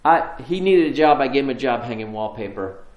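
Guy preaching a sermon, storytelling with long pauses, echoey room. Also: mid-range voice, animated. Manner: storytelling, varied emphasis, drawn-out pauses. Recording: roomy echo.

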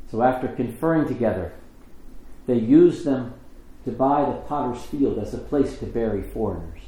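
A man giving a measured, expressive liturgical scripture reading in a church. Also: medium pitch, reverberant, low-quality recording. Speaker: scripture reader.

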